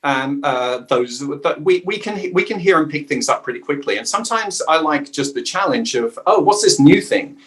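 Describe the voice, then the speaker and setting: A middle-aged man who works as a voice actor and dialect coach talks through an interview with an animated, storytelling manner. His speaking voice sits fairly high for a man. He often breaks into little quoted voices to make a point. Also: normal speed, few pauses. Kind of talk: conversational interview answers.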